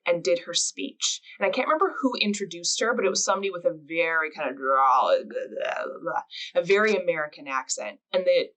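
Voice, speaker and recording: A woman's voice: lowish voice, lively intonation, a little fast, a bit bright, rough recording. A Canadian woman with a Canadian accent, hosting a podcast interview in a friendly, conversational way. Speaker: podcast host.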